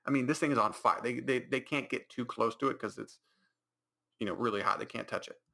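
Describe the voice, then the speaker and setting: A man's voice: medium pitch, brisk, gravelly, sharp tone. A man hosting a podcast, rambling through a mocking recap of a movie with many restarts and put-on reactions. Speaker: podcast host.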